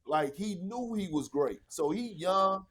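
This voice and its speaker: A man guesting on a podcast, telling locker-room stories in a casual, animated and profane way, often acting out what others said. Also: high voice, measured pace. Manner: animated, profane, acts out quotes. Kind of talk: casual storytelling.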